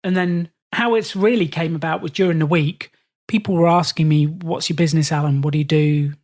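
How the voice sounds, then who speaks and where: A British man, a podcast host, telling stories in a relaxed interview and acting out the voices of people he quotes. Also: a little high, a little fast. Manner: animated, acts out quoted voices. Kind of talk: storytelling in casual conversation.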